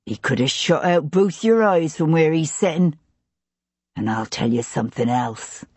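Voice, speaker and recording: A woman puts on a gruff male tavern keeper in a storybook reading, a scarred ex-soldier with a West Country burr. He talks surly and clipped, taunting, with a low, husky voice. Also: expressive, unhurried, darkish tone, no room sound, heavily acted. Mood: menacing.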